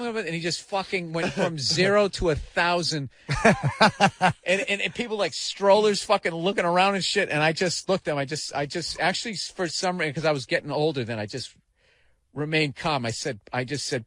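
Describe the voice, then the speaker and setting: A man telling profane stories in casual radio talk show chat, breaking into loud shouted impressions. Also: a little high, a little fast. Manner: profane storyteller, animated bursts of shouting impressions.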